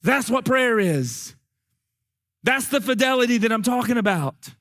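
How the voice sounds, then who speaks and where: A man preaches a sermon straight to his congregation in a folksy, animated way. His extremely high voice is going hoarse, he's short of breath, and he keeps a measured pace.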